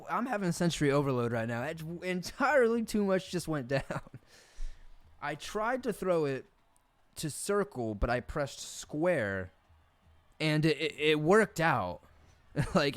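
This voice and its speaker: A man's voice: on the high side, lively intonation, measured pace, pauses often, dry recording. A young man with a Southern American accent, streaming a football video game and rambling through casual, profane, jokey commentary at his desk mic. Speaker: gaming streamer.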